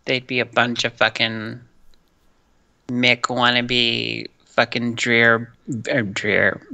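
Man, gravelly, very bright edge, blunt, profane, casual chat. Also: mid-range voice, dry recording, rough recording.

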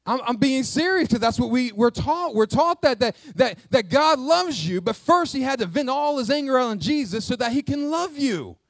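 Man, pastor, high voice, animated conversational sermon, dry close sound. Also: vocal fry, no echo. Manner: animated, conversational preaching with quick jokes and asides.

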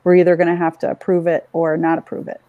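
A woman's voice: fairly low pitch, completely flat delivery, quick pace, dry recording, narrow, tinny audio. A woman on the school committee explaining a budget process in a casual discussion, with dry sarcastic asides.

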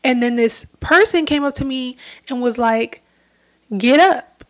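Speaking solo on a spiritual podcast, this young woman has a high-pitched voice and a normal speed. Her delivery is earnest and reflective, with phrases repeated to drive points home.

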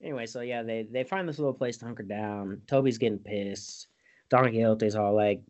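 A man's voice: on the low side, fairly quick, a little mellow. A man casually recapping a movie, rambling and swearing, often breaking into laughter.

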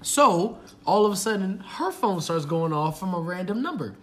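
A young man hosting a podcast, telling a story in a loose, animated way with heavy slang and swearing. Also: sits high, normal speed. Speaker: podcast host. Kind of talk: casual storytelling chat.

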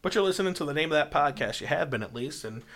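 Deadpan joking podcast host man. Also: on the high side, quick pace. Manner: deadpan joking, drifts into loud mock bits. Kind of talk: casual comedic chat.

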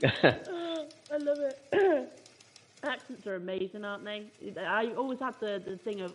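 A woman's voice: mid-range voice, normal speed. A woman co-hosting a radio talk show, chatting and musing with enthusiasm. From United Kingdom. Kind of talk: casual radio chat.

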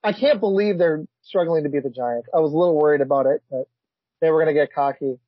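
Male podcast host, husky and a bit high, excitable; dry, dull lo-fi audio. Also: fast talker, no room sound. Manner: excitable, blurts reactions, laughs often. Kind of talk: casual sports chat.

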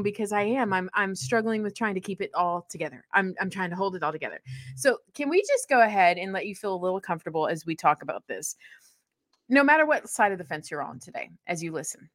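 A woman's voice: fairly quick, no room sound, clean studio sound. A woman co-hosting a faith podcast in casual, playful chat. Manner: animated, playful, swings in pitch. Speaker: podcast co-host.

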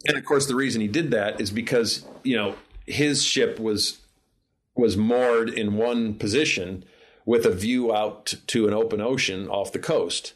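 Male director guest, lower register, anecdotal and meandering, frequent restarts. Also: measured pace. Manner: rambling anecdotes with many restarts. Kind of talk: casual interview storytelling.

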